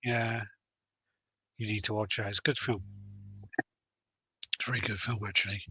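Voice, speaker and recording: A man's voice: fairly low pitch, fairly even intonation, moderate pace, bright, forceful tone, husky, dry recording, low-quality recording. A man hosting a casual podcast, swearing freely and rambling through stories. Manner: swears freely, loose storytelling with fillers. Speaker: podcast host.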